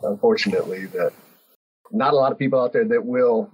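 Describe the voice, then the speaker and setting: A man hosting a podcast, asking halting questions full of fillers and giving brief agreeing replies. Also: medium pitch, breathy edge. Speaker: podcast host. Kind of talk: casual interview. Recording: dull lo-fi sound.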